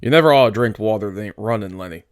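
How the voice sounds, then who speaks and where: A man voicing a small, irritable male ranch hand who scolds in a gruff, exasperated way. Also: on the low side, rapid-fire, no echo, studio quality, close to an everyday voice. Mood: scolding.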